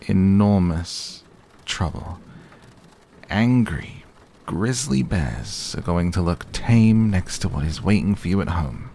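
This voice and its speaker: A man voicing a wry, stubborn teenage girl in a soft, slow, whispered role-play reading. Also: low voice, gravelly, a little hiss or hum. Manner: soft, slow, barely acted.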